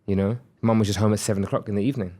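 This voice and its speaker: A man's voice: lowish voice, steady tone, racing, mellow. A man in his thirties, a podcast guest, telling a candid, reflective personal story and acting out the dialogue he quotes.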